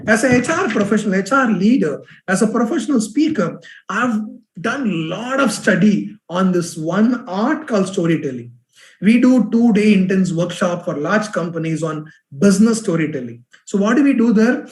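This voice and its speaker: A man with a high, light voice leads an online workshop on business storytelling. He talks in an animated way and doubles up words for emphasis. His voice rings around an echoey room. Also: moderate pace.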